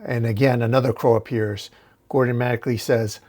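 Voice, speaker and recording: Brief: male host retelling a comic issue, casual and descriptive, medium-pitched voice. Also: steady tone, brisk, darkish tone. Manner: recounts panel by panel, casual restarts. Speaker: comic book recap host.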